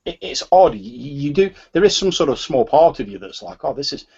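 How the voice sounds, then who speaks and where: Husky guy running a tabletop game, lots of sort of's, muffled lo-fi audio. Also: on the high side, sing-song, moderate pace, a little mellow. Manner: hesitant, with frequent "sort of" fillers. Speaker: game master.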